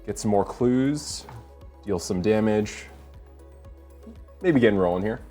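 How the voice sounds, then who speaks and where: A man at a card game table, calmly reading out card text and walking through his play. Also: lowish voice, slow pace, faint music behind. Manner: calm, reads card text carefully. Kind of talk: casual game-table chat.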